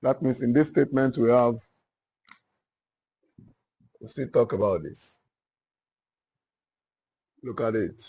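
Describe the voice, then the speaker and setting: A man with a Nigerian accent teaching literature to a class, dictating notes and repeating each phrase slowly. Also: mid-range voice, dark tone, husky. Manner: slow, repetitive dictation.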